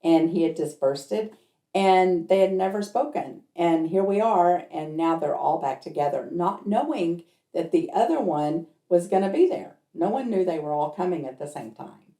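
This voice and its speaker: A woman's voice: lowish voice, lively intonation, normal speed, dark tone. A woman who works as a medium tells a personal story in a chatty way and acts out the people in it. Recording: roomy echo.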